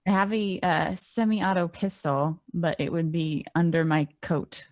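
Casting: female player, lower voice, casual and blunt, dry recording. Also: steady tone, measured pace, darkish tone, dry recording. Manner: casual, swearing, self-mocking. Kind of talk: casual tabletop play.

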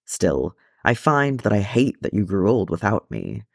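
A man reading the part of a ghostly male dwarf king who is gruff but tender, speaking softly. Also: fairly low pitch, very animated, a little slow, dry recording, clean studio sound, full character voice. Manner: soft, tender.

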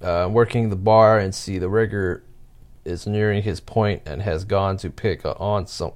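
A man reading stories aloud and commenting on them, with halting asides and chuckles. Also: fairly low pitch, steady tone.

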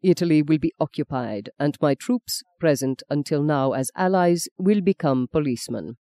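Stern, formal general, read by an audiobook narrator, mellow and dry. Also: mid-range voice, dry recording, lightly acted. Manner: formal, measured.

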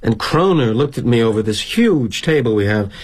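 A middle-aged actor playing a weary, guilt-ridden corporate executive in a dramatic monologue, wry and confiding. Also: male voice, mid-range voice, expressive, moderate pace, slightly rough.

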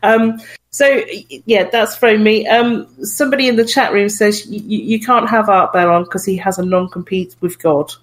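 A woman's voice: medium pitch, normal speed, poor audio. A woman hosting a podcast, asking questions in an enthusiastic, giggly manner. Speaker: podcast host. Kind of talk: casual interview chat.

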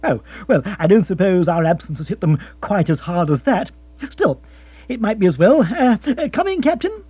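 A man voicing an excitable young male aristocrat who talks in a breezy, flustered, exclamatory way. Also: high voice, moderate pace, husky, no echo, pitched above the performer's own voice, exaggerated voice. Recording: tinny phone-like sound with mains hum.

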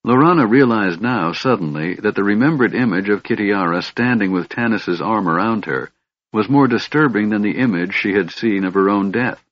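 A man narrating a fantasy audiobook in a measured storytelling manner, in a dull lo-fi recording. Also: lowish voice, no echo.

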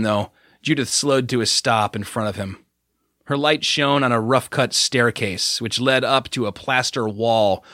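A male audiobook narrator with a bright, forward voice, telling the story in an even, expressive way. Recorded close in a dry booth with no room sound. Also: mid-range voice, no echo.

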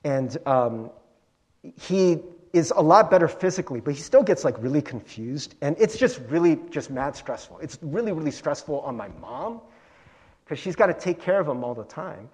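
A male pastor giving a conversational sermon, animated and chatty, peppering his talk with "like" and "right?". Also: a little high, moderate pace.

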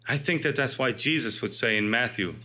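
A man's voice: medium pitch, animated, brisk, sharp tone. A man preaching an expository sermon, emphatic, stretching out key words and asking rhetorical questions. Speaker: pastor.

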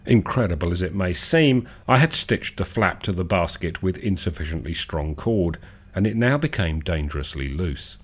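A man hosting a radio show, feeling unwell, reading long absurd lists in a dry, measured deadpan. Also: low-pitched.

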